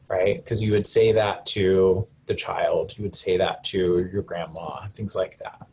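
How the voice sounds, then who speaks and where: A man's voice: medium pitch, a little mellow, a little hiss or hum. A man, a counselor, giving a casual live webinar talk in a conversational way, with lots of fillers and self-corrections.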